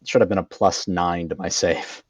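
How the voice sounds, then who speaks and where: A man's voice: deep voice, fairly even intonation, normal speed, no echo. A man playing a tabletop game, thinking aloud as he explains his moves. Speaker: player.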